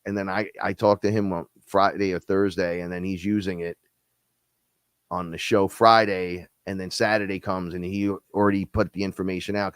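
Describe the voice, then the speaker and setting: A man hosting a casual spiritual talk show, telling stories in a rambling, profane, animated way. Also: sits low, no echo. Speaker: host.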